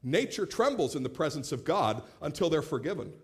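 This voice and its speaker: A man in his late thirties preaching a sermon as pastor, animated, acting out quoted voices and repeating words as he starts phrases. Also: a little high, brisk. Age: 30s.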